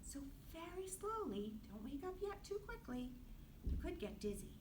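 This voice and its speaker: A woman teaching a guided kids yoga class in a gentle, playful, sing-song way, softening to a hush for relaxation. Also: extremely high pitch, sing-song, moderate pace. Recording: distant camera mic, faint room noise.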